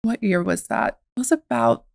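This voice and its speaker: A woman from the American South, her voice on the low side, gravelly and a little mellow, speaks at normal speed with big pitch swings. As a podcast interview guest, she reflectively tells her story using quoted inner dialogue. The recording is studio quality with no room sound.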